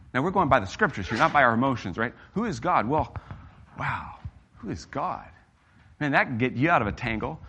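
A man's voice: medium pitch, fairly bright tone. A middle-aged man preaching a sermon in an emphatic, earnest way, his voice rising and dropping for emphasis.

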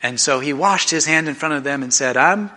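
A man preaching a sermon in an animated, conversational way, often restarting his sentences. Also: mid-range voice, a little fast. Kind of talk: sermon storytelling.

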